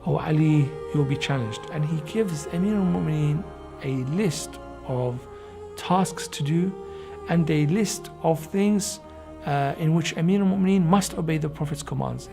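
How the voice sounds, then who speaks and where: Emphatic man with a gravelly edge. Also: a little high, unhurried. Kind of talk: documentary storytelling. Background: background music.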